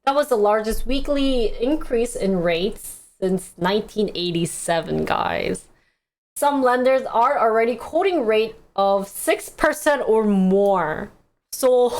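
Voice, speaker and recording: A woman's voice: fairly high pitch, animated, slow. A young woman streaming live, reading news articles aloud and chatting casually with her viewers, often laughing and calling them guys.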